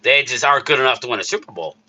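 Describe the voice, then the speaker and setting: A man's voice: mid-range voice, expressive, racing, pushed and bright. A man hosting a casual live stream about sports, ranting in a heated, worked-up way and answering chat messages. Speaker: streamer host reading chat.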